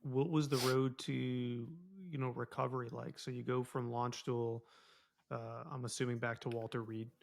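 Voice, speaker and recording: A man hosts a casual podcast and asks short, easygoing questions. His voice has a gravelly, fried edge. Faint background noise sits under the recording. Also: mid-range voice, normal speed. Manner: relaxed, brief questions and backchannels. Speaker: podcast host. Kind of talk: casual interview.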